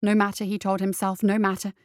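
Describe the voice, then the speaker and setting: Smooth-voiced woman narrating a dark tale. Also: medium pitch, monotone, dry recording, studio quality. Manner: measured, dramatic storytelling. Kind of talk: scripted audiobook narration.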